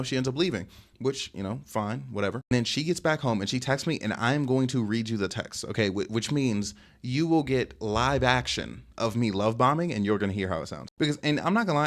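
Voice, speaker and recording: A man in his twenties, rambling through a casual dating storytime with lots of fillers and sudden jumps in pitch. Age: 20s. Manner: fast rambling talk with many fillers, lively jumps in pitch; reads text messages aloud in a lower, softer voice. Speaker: vlogger telling a dating story.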